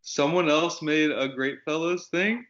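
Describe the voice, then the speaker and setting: A man's voice: on the high side, a little slow, fairly bright tone. Laid-back man, muffled podcast chat. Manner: laid-back, laughing storyteller. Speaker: podcast co-host. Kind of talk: casual chat. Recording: dull lo-fi sound.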